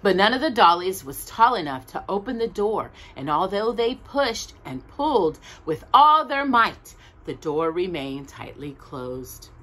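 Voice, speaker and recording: A woman reading a children's storybook aloud as a storyteller, with an expressive delivery. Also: medium pitch, unhurried, hardly any pauses. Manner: animated, expressive.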